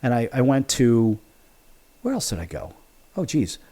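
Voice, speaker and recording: A man hosting a sports talk show, spinning a casual monologue. His pitch rises and falls a lot, and he acts out each side of the conversations he recounts. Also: normal speed. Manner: animated, acts out both sides of conversations.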